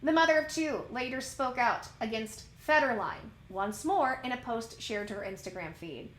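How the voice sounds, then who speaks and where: A high, bright woman's voice bounces around an echoey room. She reads out celebrity gossip and then tips into a worked-up, ranty commentary, tossing question after question at her audience. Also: lively intonation, moderate pace. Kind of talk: news reading turning into a rant.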